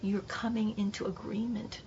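A woman's voice: medium pitch, flat delivery, normal speed, warm tone, slight background noise. A woman Bible teacher giving an emphatic, repetitive sermon-style class. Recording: dull lo-fi recording.

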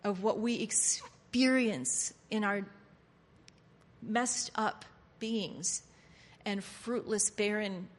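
A woman preaching a sermon, switching from hushed, confiding lines to loud, excited outbursts. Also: mid-range voice, very slow. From Pennsylvania. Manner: animated, swinging from hushed to loud exclamations. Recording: long hall reverb.

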